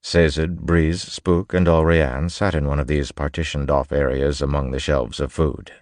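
A man narrating an audiobook with a steady, even reading. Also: rumbling low, normal speed, gravelly, hardly any pauses, dry recording, studio quality.

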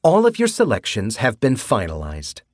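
A man voicing a cutesy, small female game host with a bloodthirsty streak, speaking in a slow, formal announcer manner. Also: medium pitch, wildly swooping pitch, no echo, clean studio sound, pitched above the performer's own voice. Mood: cutesy announcing.

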